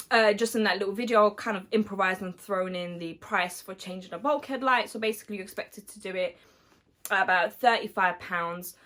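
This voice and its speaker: Slightly hoarse woman at a medium pitch, a tradesperson talking through details in a chatty vlog. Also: fairly bright tone. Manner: chatty, many fillers, explains step by step. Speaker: electrician. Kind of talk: casual explanatory vlog.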